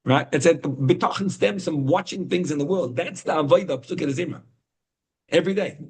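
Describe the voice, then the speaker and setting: A man teaching an informal Torah class over a video call, telling stories with rising, excited emphasis. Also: fairly quick, breathy edge, poor audio. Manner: animated storytelling, rising to high excited emphasis.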